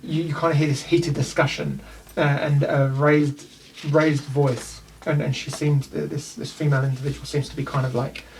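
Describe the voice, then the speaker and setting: A game master with a New Zealand accent narrates loosely, circling back over his words. His voice is gravelly and a little high. The mic sits at some distance and picks up a faint hiss. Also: flat delivery, moderate pace. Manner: loose, rambling narration with restarts.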